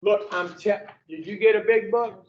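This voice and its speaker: A man's voice: high voice, steady tone, normal speed. A man leading an addiction recovery group, telling a folksy story with mild swearing and calling on listeners. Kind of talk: casual teaching to a recovery group. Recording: echoey room, dull lo-fi sound.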